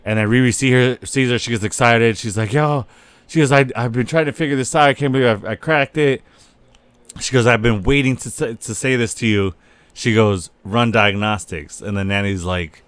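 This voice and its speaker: A man co-hosting a podcast in casual chat, talking in an animated, profane way and acting out scenes in quoted voices. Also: medium pitch, normal speed, no room sound. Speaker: podcast co-host.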